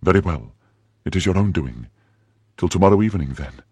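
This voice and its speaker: A man's voice: sits low, normal speed, creaky, a little mellow, husky, dry recording, full character voice. A man reading the part of a cruel nobleman jailer who mocks and threatens his prisoner in an audiobook. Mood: menacing. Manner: mocking, then menacing.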